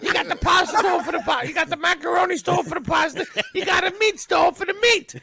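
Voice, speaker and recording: A man voicing a loud, scolding old Italian woman with an Italian-American accent, calling everyone stupid. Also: quick pace, full character voice. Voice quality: gravelly, shrill. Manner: bellowing, mocking everyone as stupid. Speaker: comedian co-host.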